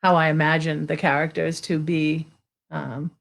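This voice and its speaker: A woman's voice: deep voice, little pitch movement, moderate pace, gravelly. Chatty woman hosting a story hour. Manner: chatty, greets viewers by name, reads expressively. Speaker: storyteller hosting a live reading. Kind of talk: casual live-stream chat and read-aloud.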